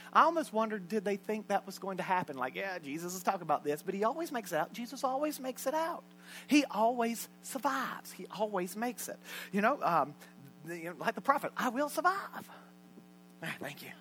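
A man preaching a sermon in a church, folksy and joking, shifting between loud and hushed lines. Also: sits high. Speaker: pastor. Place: church sanctuary.

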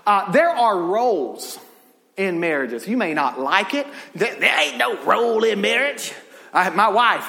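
A man's voice: sits high, big-room sound. A man preaching a sermon in a church, telling family stories and jokes with lots of laughter. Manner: animated, laughing, drawling Southern storyteller. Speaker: pastor. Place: church sanctuary.

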